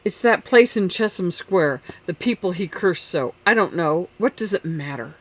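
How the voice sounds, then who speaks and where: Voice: mid-range voice, expressive, normal speed, a bit bright. Reader doing a grieving widow, listless and weary, audiobook character. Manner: listless, pleading.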